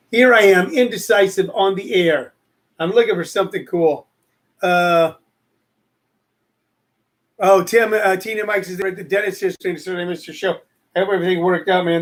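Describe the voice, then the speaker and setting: A man hosting a casual live show, joking and rambling as he answers commenters from the chat. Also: sits high. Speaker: show host.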